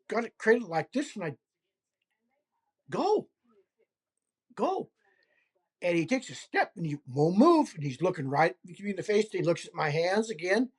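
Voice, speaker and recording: A man who is an interview guest, telling a first-person story deliberately and acting out gestures as he describes them. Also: high-pitched, husky. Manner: deliberate, acts out gestures as he narrates. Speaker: interview guest recounting a hunting encounter.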